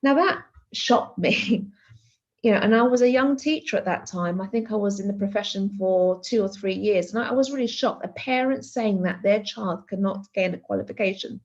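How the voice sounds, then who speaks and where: A woman's voice: medium pitch, normal speed, darkish tone, dull audio. A woman giving a conference keynote as an art teacher, telling a classroom story with many fillers and restarts. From Greece.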